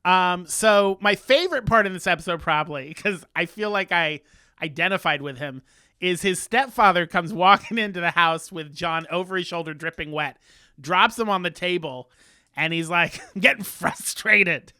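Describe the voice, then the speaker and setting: A man's voice: sits high, normal speed, bright, forceful tone, clean tone, dry recording, studio quality. A man co-hosting a casual chat podcast, recapping a show in a chatty, playful way. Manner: chatty, recaps plots with playful quoted voices. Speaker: podcast co-host.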